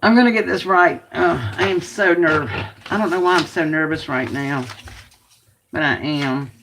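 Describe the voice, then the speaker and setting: A woman's voice: deep voice, moderate pace, a bit bright, slight background noise. A woman hosting a casual craft video, chatting to viewers and muttering to herself as she works. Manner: chatty, talks to herself while working, grumbles.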